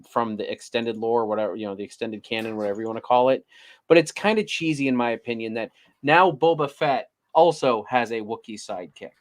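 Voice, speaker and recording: A man co-hosting a show, chatting in an easygoing way and filling his sentences with "like" and "you know". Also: mid-range voice. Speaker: podcast co-host. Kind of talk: casual chat.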